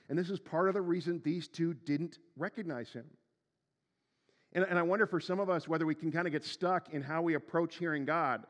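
A man's voice: on the high side, in a large hall. A middle-aged man preaching a sermon as pastor, chatty and full of rhetorical questions to the congregation, laughing now and then. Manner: conversational, asks the audience rhetorical questions, laughs often.

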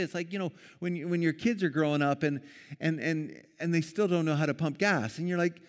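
A man preaching a sermon in a casual, conversational way, lively when quoting and quick to chuckle. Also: on the high side, in a large hall. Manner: conversational, animated when quoting, with small laughs and restarts. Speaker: pastor.

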